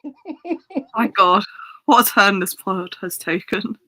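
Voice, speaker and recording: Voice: mid-range voice, measured pace, sharp tone, dry recording, low-quality recording. A podcast co-host making dry, wry remarks in casual chat.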